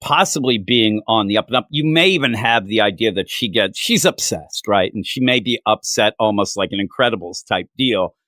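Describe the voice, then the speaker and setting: With few pauses and a slightly fast pace, a Minnesota man co-hosts a relaxed comic book review chat in studio-quality, echo-free audio. He tells anecdotes with animation, acting out the people involved in high voices.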